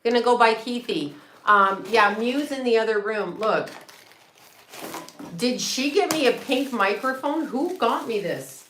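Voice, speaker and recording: Chatty excitable woman in echoey room. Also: on the high side, unhurried. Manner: chatty and excitable, swears freely, laughs often. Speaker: psychic medium and astrologer livestream host. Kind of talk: casual livestream chat. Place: home room with a set. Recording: echoey room with faint noise.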